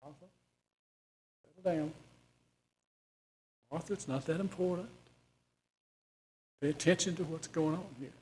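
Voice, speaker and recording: A calm, gentle male teacher, as a man voices him, speaking low and soft. He corrects someone kindly in an unhurried way, with no harshness at all. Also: a little hiss or hum, natural voice, poor audio. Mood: soothing.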